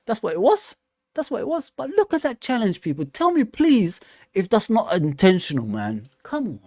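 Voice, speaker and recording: A fired-up man talks on a fan channel stream. His voice sits fairly high for a man and sounds close and dry, with no room around it. He rants, circles back to the same point and punctuates everything with "man". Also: wildly swooping pitch, moderate pace, a little mellow, dry recording. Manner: ranting, repeats "man" and "come on". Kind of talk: casual live-stream football talk.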